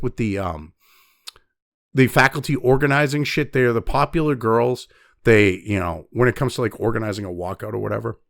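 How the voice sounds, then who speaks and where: A man's voice: medium pitch, fairly bright tone, no echo, clean studio sound. A man giving angry, heavily profane news commentary, reading news excerpts aloud between blunt rants.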